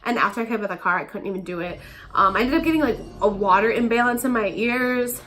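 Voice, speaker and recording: A young woman telling a story to camera in a chatty, animated way, peppering her talk with "like". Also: mid-range voice, fast talker. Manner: chatty, animated, heavy filler "like". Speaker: vlogger. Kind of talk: casual storytime monologue. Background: faint background music.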